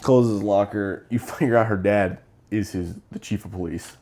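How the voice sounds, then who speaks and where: A man's voice: on the low side, normal speed, darkish tone, slight background noise. A young man co-hosting a casual movie review, retelling scenes with animation and acting out the characters' lines. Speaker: podcast co-host.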